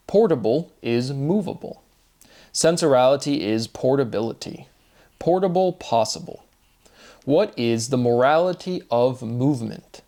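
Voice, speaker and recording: A man's voice: mid-range voice, darkish tone. A man thinking aloud in an unscripted solo monologue, rambling through free-associating wordplay and often checking in with "right?". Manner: thinking aloud with fillers and restarts. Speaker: host of a self-made video series.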